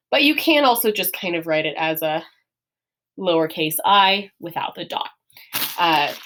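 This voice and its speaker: A woman's voice: mid-range voice, a bit bright. Lady teacher walking kids through letters, patient, lots of ums, little laughs. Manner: patient, step-by-step explaining with frequent fillers and light laughs. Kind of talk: classroom lesson on writing letters.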